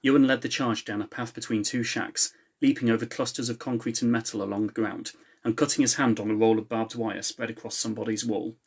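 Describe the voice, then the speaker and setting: A man's voice: mid-range voice, steady tone, a little fast, breathy edge. A man who is the author, reading his novel aloud in a live stream from home and chatting casually with viewers in between. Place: home, with a laptop.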